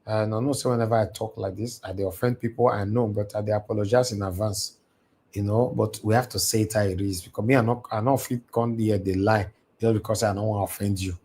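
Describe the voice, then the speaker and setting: A man's voice: on the low side, steady tone, fast talker, darkish tone, slightly rough. Nigerian male host with a Pidgin accent, fervent and repetitive, on a home live stream. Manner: preachy, repetitive, mixing English and Pidgin. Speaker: livestream host. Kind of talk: impassioned live-stream monologue. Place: alone in a large house. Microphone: computer mic on a live stream.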